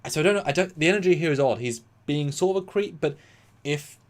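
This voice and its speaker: A British man co-hosting a casual episode review, animated, acting out quotes and swinging between loud and soft. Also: a little high, fast talker. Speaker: podcast co-host.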